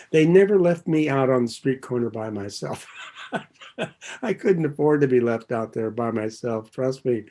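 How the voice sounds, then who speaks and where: An older man tells his own story at a recovery meeting in a warm-hearted, rambling way. He drifts off track, loses his place and finds it again, and lets a soft chuckle slip between thoughts. His tone stays earnest and sincere. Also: mid-range voice. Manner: rambling and digressive, loses his thread and circles back. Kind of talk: personal recovery share.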